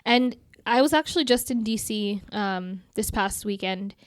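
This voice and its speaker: A woman's voice: mid-range voice, unhurried, no echo. A woman guest on a podcast, chatting casually about her work, with lots of "like" and "you know" as she talks. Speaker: guest content creator.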